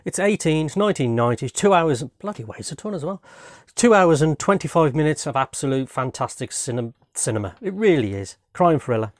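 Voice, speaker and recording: A man's voice: a little high, expressive, fairly quick, no room sound, clean studio sound. A man chatting casually at home, enthusiastic and rambling, often repeating himself. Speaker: home video host reviewing films. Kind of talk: casual chat. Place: home room.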